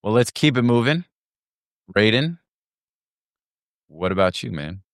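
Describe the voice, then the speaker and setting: A man's voice: mid-range voice, very animated, unhurried, no room sound, studio quality. A man hosting a casual chat with friends, joking around and laughing often. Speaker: podcast host.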